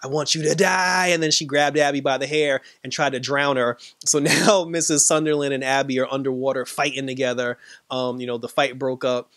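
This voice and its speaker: A man giving a casual, animated recap of a TV episode, acting out what the characters said and laughing often. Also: mid-range voice, fairly quick, no room sound. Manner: animated retelling, quoting characters, frequent laughs. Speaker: TV episode reviewer.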